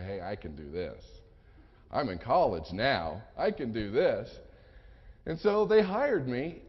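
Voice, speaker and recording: A man giving a seminar talk, telling humorous personal stories and acting out the dialogue. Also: medium pitch. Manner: humorous anecdotal storytelling, acts out dialogue. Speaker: sales and persuasion speaker. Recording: muffled lo-fi recording in a reverberant hall.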